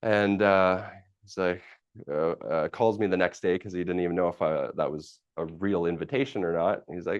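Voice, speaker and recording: A man's voice: low voice, steady tone, moderate pace, smooth, no echo, lo-fi sound. A man hosting a live stream, telling a personal story casually, rambling with fillers, restarts and the odd swear word.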